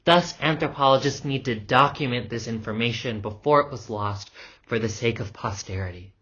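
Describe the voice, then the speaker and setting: A man's voice: mid-range voice, moderate pace, bright, forceful tone, breathy edge. A man lecturing on anthropology in a loose, casual way, full of ums and the odd swear word. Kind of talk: recorded lecture. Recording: dull lo-fi recording.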